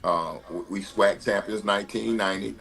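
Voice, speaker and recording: Lower-voiced man telling stories. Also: moderate pace, creaky. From Mississippi, US. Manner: animated storyteller, frequent uh and repeated words. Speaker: guest. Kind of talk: conversational storytelling.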